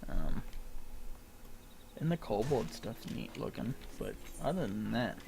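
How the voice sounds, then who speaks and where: A man's voice: fairly low pitch, sing-song, unhurried, vocal fry, noisy background. A young man streaming a game, chatting casually with lots of fillers and laughs. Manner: rambling, filler-heavy, laughs often. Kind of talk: casual gameplay commentary.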